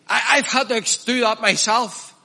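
A man's voice: very high voice, normal speed, vocal fry, bright, forceful tone. A man preaching a sermon in an earnest manner, repeating and stressing his key phrases. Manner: earnest, repetitive emphatic preaching.

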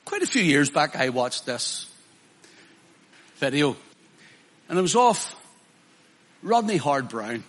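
A man's voice: fairly high pitch, big pitch swings, slow, long pauses, fairly bright tone. A man preaching a sermon in an emphatic way, acting out quoted voices with mocking asides.

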